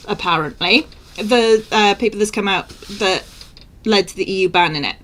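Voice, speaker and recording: A woman's voice: medium pitch, lively intonation, a little slow, pushed and bright. A woman co-hosting a chat podcast, delivering a heated, exasperated opinion rant and breaking into disbelieving laughter. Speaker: podcast co-host. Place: studio for a live-streamed podcast.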